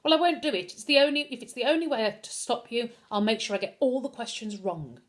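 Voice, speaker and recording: Woman voicing stubborn schoolgirl in a storybook, high defiant voice, lively pitch. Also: fast talker, close to an everyday voice. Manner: defiant and pleading, raised high.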